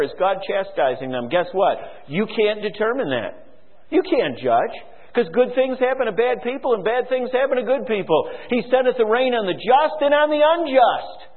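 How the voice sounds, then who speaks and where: High-voiced preaching man, tinny and echoing. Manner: fervent preaching, rhetorical questions, quotes scripture aloud. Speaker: pastor. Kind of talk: sermon. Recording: tinny phone-like sound with long hall reverb.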